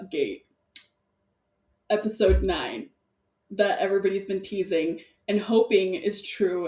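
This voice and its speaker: A woman chatting casually as a podcast co-host, rambling and excitable, laughing often and stacking fillers. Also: medium pitch. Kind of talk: casual chat. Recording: echoey room, distant mic.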